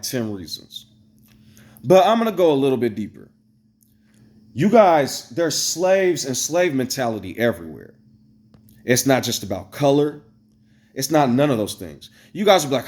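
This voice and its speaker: A man telling a story straight to his viewers in a casual, blunt, profane rant, swinging between loud exclamations and low asides. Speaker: vlogger. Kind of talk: casual ranting storytelling to camera.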